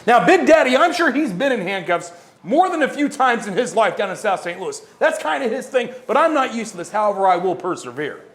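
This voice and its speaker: Pompous high-voiced wrestling manager. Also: male voice. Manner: pompous, self-important, smug. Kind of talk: boastful heel wrestling promo. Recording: echoey room.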